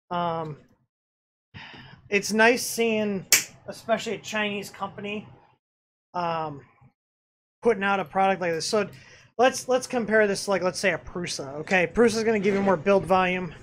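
The voice sits high with a fairly bright tone, belonging to a man hosting his channel's casual live-stream review of a 3D printer. He tends to ramble, restarting often and leaning heavily on "um"s.

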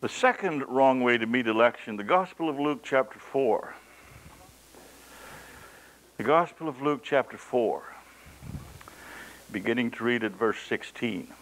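In poor audio, a preacher with a mid-range, fairly bright voice speaks unhurriedly, leaving long pauses and using lively intonation. He tells stories with drama, raising his voice for emphasis, and reads scripture in old King James language.

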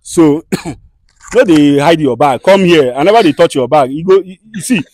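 A man with a Nigerian accent who hosts a comedy skit, scolding and soothing people in fast, direct talk. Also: on the high side, animated, a little mellow. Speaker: skit host and mediator.

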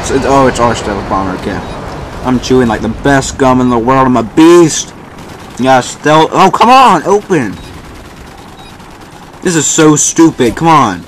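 A young man giving excited, boastful commentary while playing a shooter game. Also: medium pitch, a little slow, long pauses, a little hiss or hum. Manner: boastful, frustrated, exclaiming. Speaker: gamer narrating his match. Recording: faint gunfire from the game behind.

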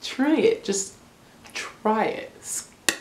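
A woman's voice: a little high, animated, very slow, darkish tone, echoey room, a little hiss or hum. A woman vlogging in a playful, giggly way, often breaking into laughter. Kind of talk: casual comedic vlog.

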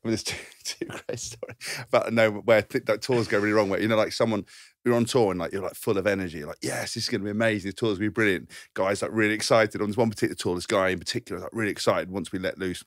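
Rambling low-voiced man on a podcast. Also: very fast, no room sound, studio quality. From England. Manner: rambling, animated, acts out voices in his stories. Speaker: podcast co-host and former rugby player. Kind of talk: casual anecdote telling.

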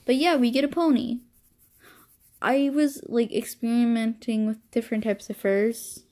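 A woman's voice: a little high, steady tone, normal speed, warm tone. A young woman chatting casually into a phone at home, rambling and self-deprecating about her drawings. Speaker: amateur artist. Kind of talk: casual chat.

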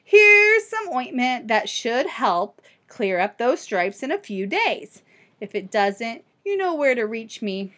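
A woman voicing an excitable, fussy male doctor who rattles off a long list of symptoms. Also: a little high, slow, heavily acted. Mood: amazed, chatty.

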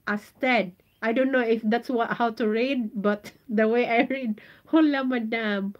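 A Filipino-accented woman chats slowly on a livestream, her voice sitting a little high. She reads viewer comments aloud and sounds out foreign phrases, playful and giggly. The audio is dull and lo-fi. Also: steady tone. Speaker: live streamer reading viewer comments. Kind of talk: casual livestream chat.

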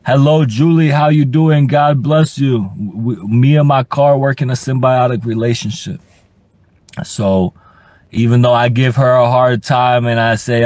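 A young man ranting on a livestream, profane and rambling, stuttering and repeating himself, sometimes breaking into high-pitched shouts. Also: steady tone, a little slow, dry recording. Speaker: livestream host. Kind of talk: casual livestream rant.

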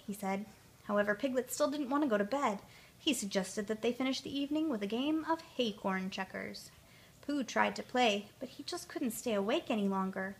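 A woman storyteller reading a children's storybook aloud, clear and expressive. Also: mid-range voice, moderate pace.

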